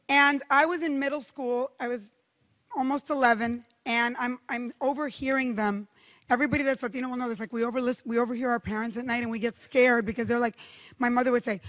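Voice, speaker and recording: A high-voiced middle-aged woman from Cuba delivers a keynote speech, telling stories with lively pacing and emphatic pauses. Her voice rings through a large hall with a long, lingering reverb. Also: dull audio. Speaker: keynote speaker.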